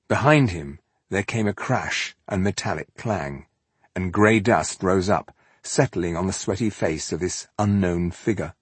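A man narrating an audiobook in an expressive storytelling manner. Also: low voice, measured pace, husky, no echo. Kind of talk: scripted narration.

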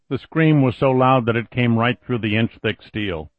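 A man narrating an audiobook in a steady, even reading voice, on a dull lo-fi recording. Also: mid-range voice, normal speed, hardly any pauses, no room sound. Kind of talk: scripted narration.

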